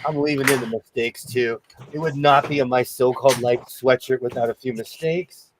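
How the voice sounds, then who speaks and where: A man's voice: medium pitch, moderate pace, background noise. A man hosting a casual sewing chat, telling stories and laughing often. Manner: animated storyteller who laughs often. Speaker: host.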